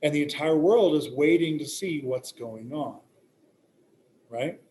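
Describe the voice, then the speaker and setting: Joking teacher in an echoey classroom. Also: male voice, on the high side, measured pace, mellow. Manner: joking, peppers talk with "right?" and "okay?". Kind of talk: classroom lecture. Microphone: recording device some distance away. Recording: roomy classroom echo, faint hum.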